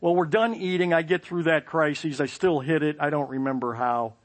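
A man telling a personal story with self-mocking humor, lively sound effects and playful asides. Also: on the high side, normal speed. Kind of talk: personal anecdote.

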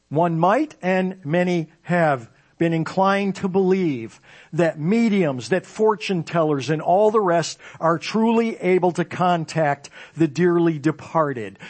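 A man preaching a sermon, reading scripture aloud dramatically and explaining it to his congregation. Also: on the high side. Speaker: pastor.

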